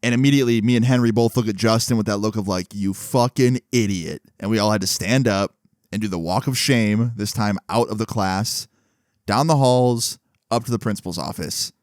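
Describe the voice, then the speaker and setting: A man's voice: on the low side, a little fast, clear, resonant tone, dry recording. Casual male vlogger, storytime delivery, dry close sound. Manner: rambling, lots of "like" fillers.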